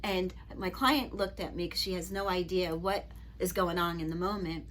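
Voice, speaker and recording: Middle-aged woman, reiki teacher, kinda low voice, earnest chatty storytelling w lots of you knows. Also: normal speed. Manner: earnest, gentle, chatty with frequent "you know". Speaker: Reiki master and spiritual teacher. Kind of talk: personal storytelling to camera.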